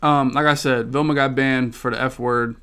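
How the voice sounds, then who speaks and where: A man's voice: mid-range voice, normal speed, clear, resonant tone. A man hosting a gaming podcast, talking casually with a lot of swearing and rambling stories. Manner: profane, rambling, animated storytelling. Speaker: podcast host.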